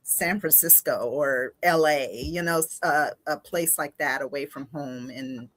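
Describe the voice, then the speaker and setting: A woman with a slightly low voice shares her experiences in a casual streamed chat. She tends to repeat her phrases for emphasis. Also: unhurried, a bit bright.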